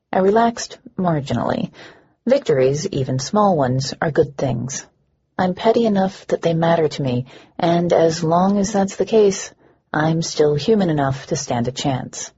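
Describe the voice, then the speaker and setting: Husky low-voiced woman narrating an audiobook. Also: animated, measured pace, warm tone. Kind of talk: first-person audiobook narration. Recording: dull lo-fi recording.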